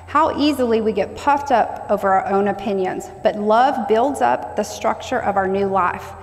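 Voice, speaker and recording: A woman's voice: mid-range voice, moderate pace. A woman preaching a sermon, repeating key phrases and asking the congregation to say them back. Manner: call-and-response preaching, stressing repeated phrases. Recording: long hall reverb.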